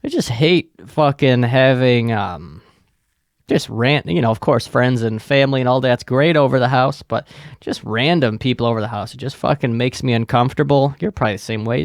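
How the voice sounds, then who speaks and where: Gravelly, swearing podcast host rambling. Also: male voice, medium pitch, normal speed, no echo, studio quality. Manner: profane, rambling, full of fillers. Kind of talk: casual solo rant.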